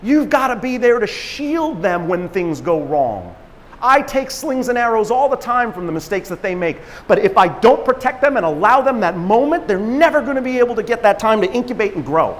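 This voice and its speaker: A man giving an energetic motivational talk at a conference, acting out quotes and laughing at himself as he tells stories. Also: high-pitched, moderate pace, big-room sound. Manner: animated storyteller, acts out quotes, laughs at himself. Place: conference stage in a large hall.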